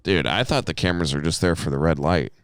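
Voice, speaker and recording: Deep-voiced young man telling a bar story. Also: quick pace, a bit bright, clean tone, no room sound, clean studio sound. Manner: rambling storyteller, swears a lot. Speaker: podcast co-host. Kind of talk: casual chat.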